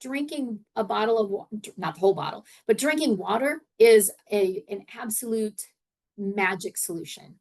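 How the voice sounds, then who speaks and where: With medium pitch, lively intonation and a slightly mellow tone at moderate pace, a middle-aged woman coaches on her leadership podcast. The style is casual and conversational, full of repeated words and acted-out example phrases.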